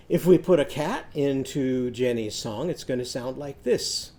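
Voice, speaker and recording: Slow, mellow-voiced male teacher. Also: mid-range voice, lively intonation. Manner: patient, encouraging, talks students through hand gestures. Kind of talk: children's literacy lesson.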